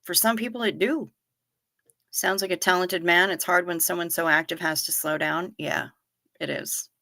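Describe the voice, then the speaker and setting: A middle-aged woman hosts a casual livestream, telling stories straight to her viewers. Her voice sits fairly low but carries a forceful, tense edge. The sound is close and dry. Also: normal speed, no echo. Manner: animated storyteller, talks straight to viewers. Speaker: livestream host. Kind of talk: casual chat reading viewer comments.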